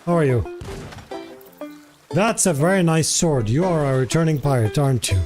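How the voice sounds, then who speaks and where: A man's voice: on the high side, lively intonation, moderate pace, music in the background. A man from Jordan, chatting casually and greeting viewers by name as a game streamer. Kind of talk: casual live-stream chat.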